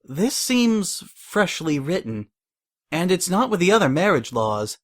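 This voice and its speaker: A man's voice: high voice, very animated, pitched above the performer's own voice. A man playing an incredulous, bookish pony. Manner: incredulous, quick.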